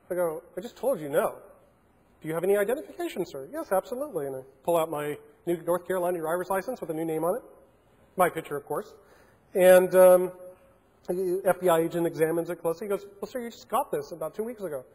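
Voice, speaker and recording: A man's voice: high voice, darkish tone. A man giving a keynote talk, telling a story and acting out the dialogue in a large conference hall. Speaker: keynote speaker.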